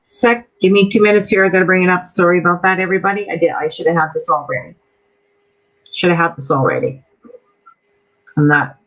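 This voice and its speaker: A woman's voice: on the low side, fairly even intonation, fairly quick, long pauses, fairly bright tone. A woman from Canada speaking to a group meeting, angry and accusing, firing off rhetorical questions. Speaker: member addressing a group meeting. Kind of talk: heated speech to a meeting. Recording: dull lo-fi audio.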